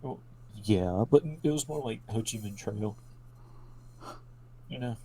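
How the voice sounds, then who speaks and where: Gravelly, mellow-voiced teenage boy joking. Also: on the low side, expressive, a little slow, slight background noise. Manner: joking, jumpy, talks over others. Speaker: student presenter. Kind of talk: casual class project podcast.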